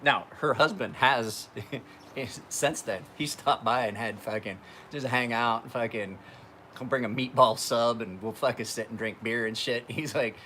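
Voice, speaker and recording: A man's voice: a little slow, pushed and bright. A man telling rambling, profane stories while sharpening knives on a live stream. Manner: profane, rambling anecdotes, acts out other voices in high tones. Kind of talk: casual livestream storytelling. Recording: faint background noise.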